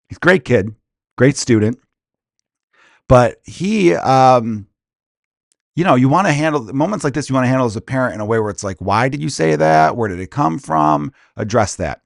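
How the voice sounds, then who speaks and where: A man's voice: mid-range voice, very animated, a little fast, pauses often, no echo, clean studio sound. A man in his thirties, a stand-up comedian hosting his own podcast, telling a rambling, self-interrupting comic story in casual rant style.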